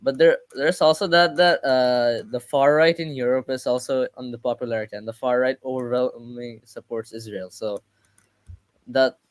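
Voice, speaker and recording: A man's voice: mid-range voice, steady tone, moderate pace, no room sound. A man on a discussion panel, rambling with lots of fillers. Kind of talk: casual discussion.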